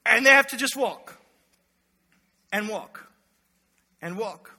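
Male pastor preaching, very high bright voice, long hall echo. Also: slow, gravelly. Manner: animated, storytelling, jokes with congregation. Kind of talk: sermon. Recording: echoey hall reverb.

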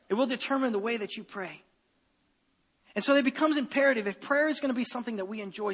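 A man preaching a sermon as pastor, animated and given to repeating his phrases and restarting sentences. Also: very high-pitched, breathy edge, in a large hall.

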